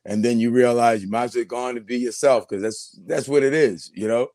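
A man with a New York accent, a veteran radio host, chatting as a guest, smooth and gracious. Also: medium pitch, fairly quick, darkish tone, dry recording. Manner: smooth, gracious, laid-back. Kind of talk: casual chat.

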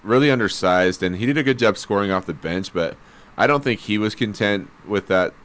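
A man with a low, resonant voice chatting casually about sports. He explains his views in a measured way, hedging and circling back with fillers. His tone is clean and smooth throughout. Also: fairly bright tone.

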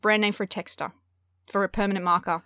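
A woman's voice: mid-range voice, steady tone, quick pace, pushed and bright, dry recording, clean studio sound. A woman in her thirties with an Australian accent, co-hosting a casual podcast with wry humor. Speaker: podcast co-host.

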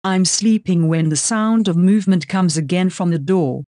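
Audiobook narrator, first-person, steady, even, mid-pitched, dry sound. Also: normal speed, no room sound.

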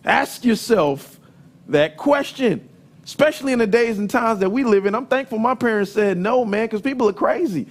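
High-voiced preacher telling stories. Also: male voice, normal speed. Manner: lively storytelling, emphatic, sometimes shouting. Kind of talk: sermon with personal stories.

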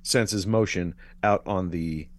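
Deep-voiced man with dry jokes. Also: takes it slowly, dry recording. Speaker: podcast co-host. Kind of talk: casual movie recap chat.

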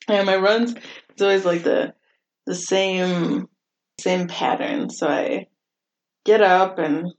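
A woman's voice: fairly low pitch, darkish tone. Chatty self-deprecating woman podcaster. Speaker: podcast host. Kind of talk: casual podcast monologue. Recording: slightly dull lo-fi audio.

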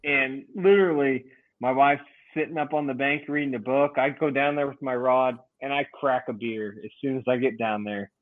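A man's voice: mid-range voice, moderate pace. A man co-hosting a podcast, casually telling a rambling story, swearing and laughing often. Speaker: podcast co-host. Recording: phone-like lo-fi radio sound.

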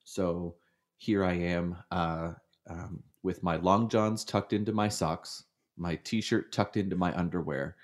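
A man's voice: deep voice, fairly even intonation, takes it slowly. A man co-hosting a casual podcast, telling self-mocking jokes. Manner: wry, self-mocking humor. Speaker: podcast co-host. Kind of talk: casual chat.

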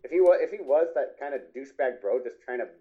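A man's voice: mid-range voice, lively intonation, quick pace. Enthusiastic man on a dull mic. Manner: enthusiastic, rambling, restarts sentences. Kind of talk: casual chat about animated films. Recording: muffled lo-fi mic.

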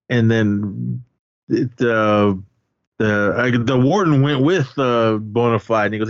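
In a dry, muffled recording, a man co-hosting a podcast chats casually about a movie, retelling its plot at a measured pace and medium pitch. He rambles with plenty of filler words and acts out quoted lines.

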